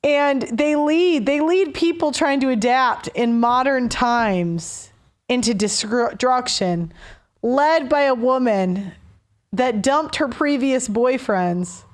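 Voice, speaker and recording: High-voiced woman ranting bluntly. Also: takes it slowly. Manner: blunt, heated, stumbles and restarts. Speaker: host. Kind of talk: opinion rant on a call-in show.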